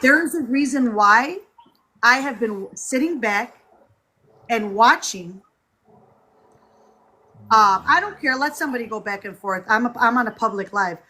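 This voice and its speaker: A woman hosting a livestream, talking in a heated, animated way to her viewers and swearing freely. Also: fairly high pitch, a little slow, pauses often. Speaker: livestream host. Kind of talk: heated casual livestream talk.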